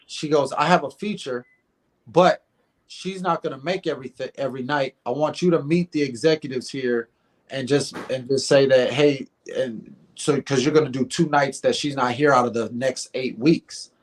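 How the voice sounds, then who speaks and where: A middle-aged man telling a story in a casual interview, animated and acting out the dialogue, often repeating words. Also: medium pitch, normal speed. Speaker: guest comedian.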